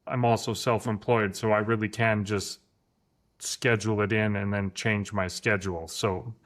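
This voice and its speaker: A man's voice: on the low side, little pitch movement, normal speed, fairly bright tone. A man hosting a casual podcast interview, hesitant and self-deprecating, with stumbling restarts. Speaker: podcast host. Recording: roomy echoey room sound.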